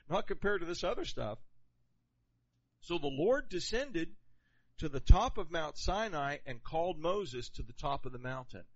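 Man, pastor, higher voice, lively conversational sermon with questions to the crowd, lo-fi recording. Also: normal speed. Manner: animated, conversational preaching with questions to the congregation. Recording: dull lo-fi sound.

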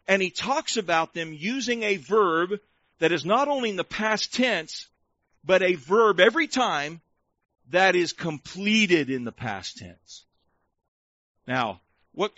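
A man preaching a sermon, calling for amens and shouting praise, slowing down to stretch key words for emphasis. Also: sits high, no room sound, lo-fi sound. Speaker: pastor.

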